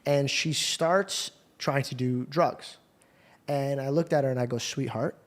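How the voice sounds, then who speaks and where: A man's voice: mid-range voice, steady tone, measured pace. A man hosting a podcast, telling stories in casual, slangy talk, earnest and often swearing. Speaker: podcast host. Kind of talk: casual storytelling chat.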